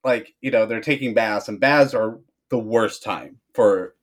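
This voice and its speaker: A man in his thirties in casual chat, expressive and laughing as he shares anecdotes. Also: on the low side, measured pace.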